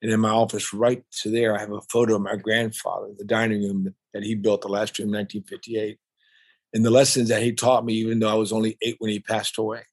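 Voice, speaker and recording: An older man, a guest on a podcast, telling stories about his family business in a warm, reflective way. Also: fairly low pitch, level tone, fast. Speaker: guest, family restaurant owner. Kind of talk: casual interview storytelling.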